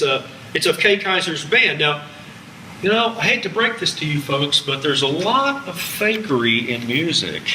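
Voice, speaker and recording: Wry, lively man lecturing in a roomy hall. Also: fairly high pitch, noisy background. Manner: chatty, wry asides to the audience. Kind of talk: public lecture to an audience. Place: museum lecture room.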